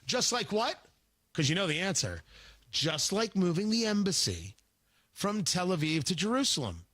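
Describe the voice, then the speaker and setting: Animated, sarcastic talk radio man. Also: sits high, normal speed, no room sound. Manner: animated, sarcastic, acts out mocking voices. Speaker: radio talk show host. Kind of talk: political talk radio commentary.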